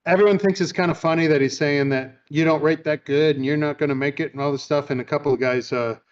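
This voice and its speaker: A man's voice: fairly high pitch, fairly even intonation, quick pace, dull audio. A man hosting a podcast, telling amused stories in a casual chat and retelling a film. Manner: chatty, amused storyteller. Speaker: podcast host.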